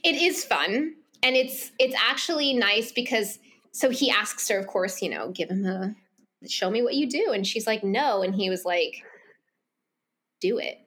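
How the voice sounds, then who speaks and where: A woman co-hosts a podcast in casual book-club style, recapping a romance novel scene by scene, quoting characters' lines and laughing often. Her mid-range voice has lively intonation and a fairly bright tone, and she speaks a little slowly.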